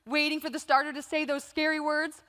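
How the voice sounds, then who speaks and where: A thirties-aged woman gives an inspirational keynote in a large hall, speaking fairly fast in a high, slightly bright voice with a flat delivery. She narrates stories and performs her inner voices and quotes. A long hall reverb colors the recording.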